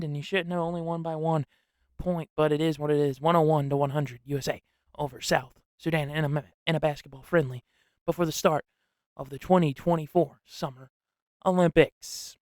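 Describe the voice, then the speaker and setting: Young male sports host, slangy and excitable, slightly high voice, dry booth sound. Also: normal speed, no room sound. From upstate New York. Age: young adult. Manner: rambling and excitable, heavy slang. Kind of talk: casual solo sports talk.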